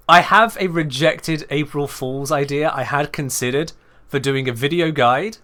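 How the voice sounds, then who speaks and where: A British man streaming a game, giving chatty, animated live commentary. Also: on the high side, moderate pace. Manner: chatty, animated, self-correcting.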